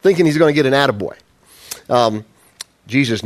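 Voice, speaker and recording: A man's voice: a little high, normal speed. Guy preaching a sermon, voice jumps all over, chatty, keeps asking the crowd questions. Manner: animated, conversational preaching with rhetorical questions. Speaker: pastor.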